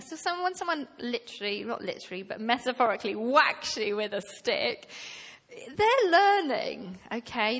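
A woman preaching a sermon to her church, slow and deliberate, rising to emphatic passages. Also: fairly high pitch, sharp tone. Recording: long reverb of a hall.

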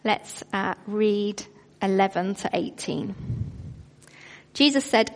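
Woman preaching in a reverberant hall. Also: mid-range voice. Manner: emphatic, slows down on key phrases. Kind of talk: sermon.

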